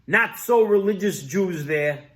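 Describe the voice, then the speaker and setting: A man's voice: high voice, animated, measured pace, a bit bright. A man, a rabbi, telling a Hasidic story in a weekly Torah talk, acting out the characters' voices as he goes.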